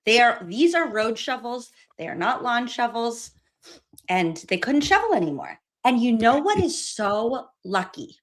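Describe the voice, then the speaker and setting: A woman's voice: fairly high pitch, very animated, unhurried. A woman hosting a casual livestream, giving sarcastic running commentary with frequent laughs. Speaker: livestream host. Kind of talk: casual commentary on trial footage.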